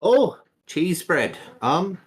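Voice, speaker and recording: A man's voice: fairly high pitch, very animated, extremely slow, pitched above the performer's own voice, exaggerated voice. A man doing a stammering little dwarf baker. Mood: flustered grateful. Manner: hesitant, friendly, stammering shopkeeper patter. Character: short polite male dwarf baker shopkeeper.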